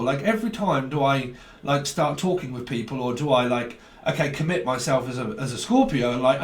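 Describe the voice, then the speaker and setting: A man giving a casual, rambling tarot reading, animated and full of slang and swearing. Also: mid-range voice, a little fast. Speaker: tarot reader. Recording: roomy sound from a mic at a distance.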